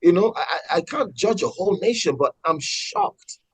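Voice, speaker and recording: A man talking passionately in a casual political discussion, with many halting restarts. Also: high voice, very animated, slightly rough, dry recording, rough recording. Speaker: podcast co-host.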